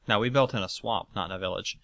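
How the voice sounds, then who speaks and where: A man's voice: lowish voice, gravelly, a bit bright. A man hosting a let's play, chatting casually and swearing as he guides a tour through a game world. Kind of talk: casual gameplay commentary.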